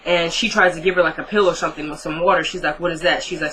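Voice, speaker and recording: A woman's voice: lowish voice, steady tone, fast talker, few pauses, a crowd in the background, rough recording. A woman casually recapping a TV drama episode, retelling scenes by quoting the characters, with many likes and asides. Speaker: TV recap vlogger.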